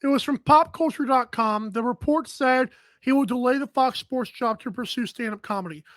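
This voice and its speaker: Guy co-hosting sports talk, reads posts off his screen, quick asides, dry close sound. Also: very high-pitched, a bit bright, dry recording. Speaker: radio show co-host.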